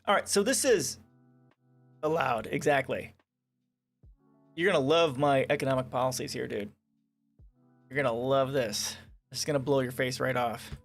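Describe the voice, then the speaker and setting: A man's voice: mid-range voice, moderate pace, vocal fry, pauses often, soft background music. A man hosting a casual political livestream, reading articles aloud and breaking off into sarcastic, profane rants. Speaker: livestream host. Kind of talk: casual political commentary stream.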